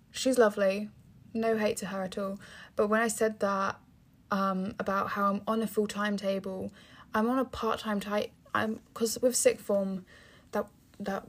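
A teenage girl from England hosting her own podcast, rambling casually with many fillers and restarts, sounding tired. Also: mid-range voice. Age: teens. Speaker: podcast host. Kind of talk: casual monologue.

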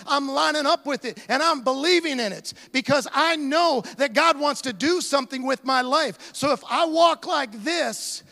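High-voiced man preaching with animated asides. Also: gravelly. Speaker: pastor. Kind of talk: sermon.

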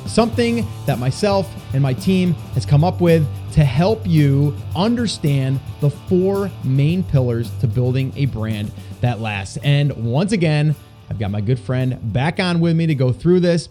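Upbeat mellow-voiced male podcast host. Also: fairly high pitch, unhurried, soft background music. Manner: upbeat, energetic. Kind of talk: casual podcast chat.

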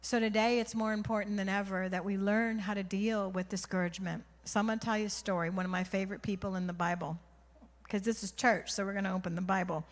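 A woman's voice: medium pitch, steady tone, quick pace. Woman preaching in church, emotional, goes from whispers to crying out, long echo in the hall. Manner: emotional, swings from hushed whispers to loud cries. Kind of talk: sermon storytelling.

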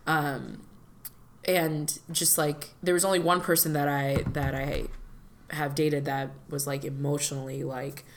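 A woman's voice: deep voice, flat delivery, unhurried, slight background noise. A woman co-hosting a casual podcast conversation, talking with many fillers and breaking into laughter.

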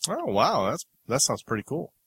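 A man's voice: mid-range voice, huge pitch swings, moderate pace, fairly bright tone, breathy edge. A man hosting a casual movie review podcast, laughing easily as he introduces film clips. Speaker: podcast host.

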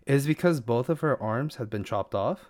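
A man co-hosts a relaxed conversation and eagerly walks through events, scattering "like" through his sentences in an easygoing voice. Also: mid-range voice, normal speed. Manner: eager retelling, peppered with "like". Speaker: podcast co-host. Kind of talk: casual chat about an anime series.

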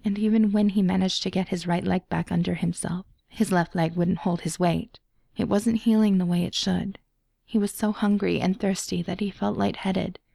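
A woman reading a story aloud as an audiobook narrator, in a measured storytelling manner. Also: medium pitch, vocal fry, dark tone, dry recording, clean studio sound. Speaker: podfic reader.

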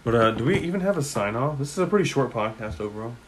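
A man's voice: mid-range voice, expressive, fast talker, slight background noise. A young man co-hosting a casual podcast, joking around and steering the wrap-up. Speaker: podcast co-host. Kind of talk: casual chat.

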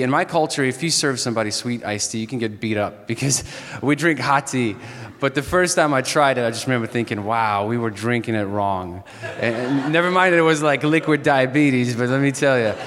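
In an echoey university chapel hall, a man in his thirties from Ukraine with a Southern US accent gives a sermon, joking and telling stories as he goes. His voice is mid-range with a fairly bright tone.

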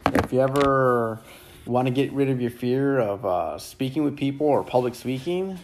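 A real estate agent telling stories about his job in a casual, rambling way, full of fillers and repeated words, relaxed and candid with some mild cursing. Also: medium pitch, moderate pace. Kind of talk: casual storytelling.

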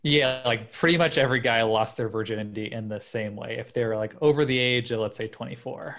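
Male podcast host, mid-pitch, relaxed chatty delivery, reads stories aloud. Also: a little fast, vocal fry. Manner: casual, filler-heavy, laughs often. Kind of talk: casual chat, reading stories aloud.

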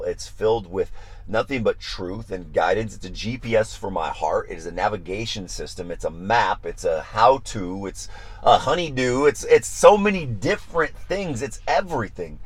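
A man preaching on a Bible study podcast, animated and emphatic, repeating phrases for emphasis and acting out prayers and their answers. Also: on the low side, moderate pace, slightly rough.

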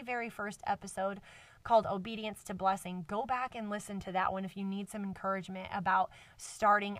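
Speaking into a microphone placed in a cardboard box, a woman alone hosts a casual faith podcast, earnest, effusive and full of fillers, emotional to the point of nearly crying. Her voice is medium-pitched, and the recording is dry and far from the mic.

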